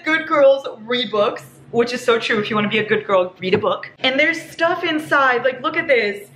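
A woman vlogging a casual haul, gushing and excitable, squealing over each item. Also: on the high side, moderate pace, hardly any pauses. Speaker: book vlogger. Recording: echoey room with faint hiss.

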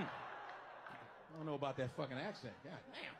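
A man's voice: fairly high pitch, lively intonation, moderate pace, pauses often, background noise. A man from the United States performing a stand-up comedy routine, telling stories with lots of animation and slipping into put-on voices.

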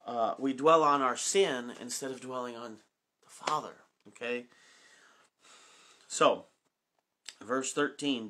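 Guy running a bible study, bright voice, reads scripture then talks it through all earnest with lots of you knows. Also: mid-range voice. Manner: earnest, personal, many fillers and restarts. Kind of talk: reading scripture and teaching informally.

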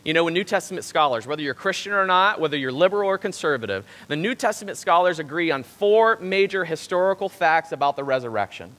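Animated, bright-voiced preacher in a reverberant church. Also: male voice, a little high, quick pace, few pauses. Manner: emphatic, rising and falling for stress. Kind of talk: sermon. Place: church sanctuary. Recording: long church hall reverb.

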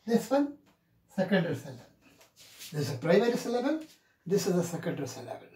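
A man teaching English pronunciation in a classroom lecture, saying each example word several times in a drawn-out, deliberate way. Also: high voice, big pitch swings, warm tone. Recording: echoey room.

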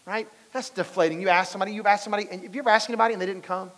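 A man preaching to his congregation in an easy, storytelling way, often asking them questions. His voice sits high. The sound carries the long reverb of a large church hall. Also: steady tone, rapid-fire, a bit bright. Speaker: pastor. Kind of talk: conversational sermon. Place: church sanctuary.

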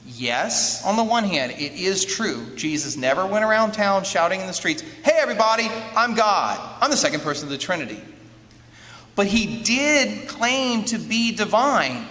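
Animated male lecturer in a reverberant hall. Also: on the high side. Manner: animated, asks the audience rhetorical questions; acts out quoted speech. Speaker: author giving a lecture. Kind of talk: lively teaching talk with a handout. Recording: long hall reverb, faint noise.

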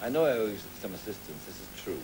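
A man hosting a TV game show, brisk and jovial as he calls turns and scores, on an old broadcast tape. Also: fairly low pitch, sing-song. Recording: 1980s TV broadcast with studio audience and tape noise.

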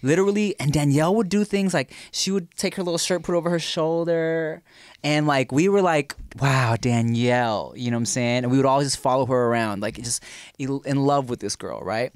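A man in his thirties from the United States, co-hosting a podcast and telling animated, jokey childhood stories in casual chat. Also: on the high side, a little fast, dry recording. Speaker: podcast co-host.

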